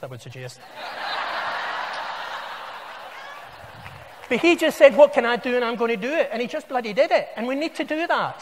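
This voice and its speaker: A Scottish man in his sixties gives a keynote to a large hall, full of wry asides and stories. His voice sits high for a man and swings widely in pitch. A long reverb trails his words. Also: fairly bright tone, slight background noise. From Scotland. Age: 60s. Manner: wry, anecdotal, conversational storytelling. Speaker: conference speaker. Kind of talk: conference keynote talk.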